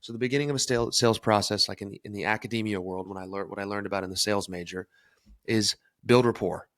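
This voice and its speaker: A man's voice: on the low side, steady tone, quick pace, fairly bright tone, no echo, studio quality. A young man hosting a solo podcast, talking energetically and emphatically about self-improvement. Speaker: podcast host.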